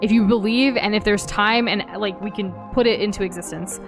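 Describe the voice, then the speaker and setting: A woman's voice: mid-range voice, steady tone, brisk, music in the background. A woman co-hosting a gaming stream, chatting casually and greeting viewers, with lots of likes and ums and frequent giggles. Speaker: streamer co-host. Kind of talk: casual chat while gaming.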